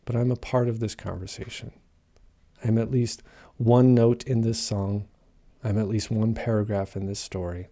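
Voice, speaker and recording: A man's voice: fairly low pitch, steady tone, moderate pace, mellow. A man speaking candidly about his own recovery, raw and heavily profane, rambling and repeating himself for emphasis. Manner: rambling, repeats and restarts phrases. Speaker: motivational speaker sharing his recovery story. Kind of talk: candid personal monologue.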